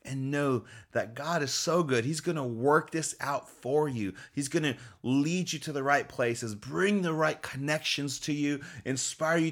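A man's voice: mid-range voice, a bit bright. A man delivers a motivational faith talk in a mid-range voice. He speaks in an upbeat, encouraging tone, repeats his key phrases for emphasis and often chuckles as he goes.

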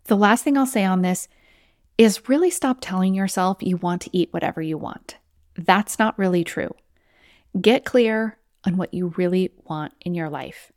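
A woman's voice: on the low side, moderate pace, darkish tone, no echo. Conversational woman podcast host, dry sound. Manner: encouraging, conversational, acts out inner voices. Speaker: podcast host, weight loss coach. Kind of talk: solo podcast monologue.

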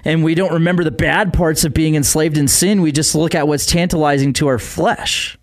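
Radio devotional speaker, male, earnest and conversational, somewhat higher voice, close dry mic. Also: fairly even intonation, normal speed, dry recording. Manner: earnest, conversational preaching with filler words. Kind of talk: Bible reading and devotional commentary. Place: radio studio.

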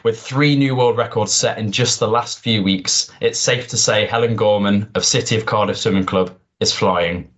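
A man's voice: fairly low pitch, steady tone, moderate pace, hardly any pauses, fairly bright tone. A man, hosting a podcast with a prepared intro and friendly, chatty questions. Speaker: podcast host.

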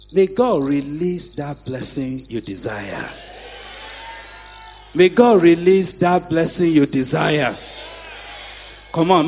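A middle-aged male pastor preaching a sermon, calling on the congregation to repeat after him and rising to shouts. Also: fairly high pitch, slight background noise. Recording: echoey hall.

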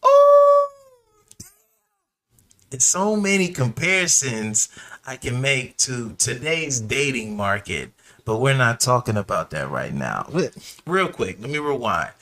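A man riffing alone on his podcast in a loose, cussing, slang-heavy way. His voice is bright and forceful, with a lot of push behind it. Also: mid-range voice, a little slow. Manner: animated, profane storytelling with slang and asides. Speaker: podcast host. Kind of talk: casual solo podcast monologue.

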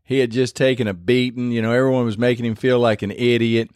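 A man's voice: mid-range voice, fairly even intonation, fast, a little mellow, smooth, no room sound, clean studio sound. Rambling man in a devotional podcast. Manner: rambling and conversational, with many restarts. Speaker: podcast host.

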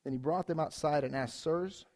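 A man with a high voice preaches to his congregation in a church. He talks in a lively, conversational way and keeps throwing rhetorical questions at the listeners. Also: normal speed. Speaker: pastor. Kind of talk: sermon.

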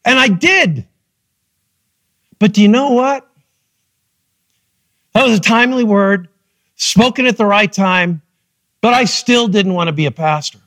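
A middle-aged man preaching a sermon as pastor, telling his story with lively, acted-out quotes. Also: sits high, normal speed, no room sound. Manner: animated storytelling, acting out quotes. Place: church.

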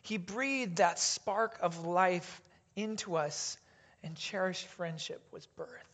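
Slow, deliberate preacher. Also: mid-range voice. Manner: deliberate, dropping to a hush on key phrases; leads the congregation in reading aloud. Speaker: pastor. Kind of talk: sermon.

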